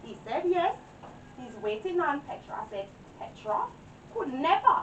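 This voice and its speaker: Shrill, lively old Jamaican lady, played by a woman: dramatic, scolding, full of exclamations. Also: a little slow, far from the mic, lo-fi sound, slight background noise. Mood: indignant. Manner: exclaiming, dramatic, mixes patois with English. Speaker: actor in a comedy skit. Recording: echoey room, voice from afar.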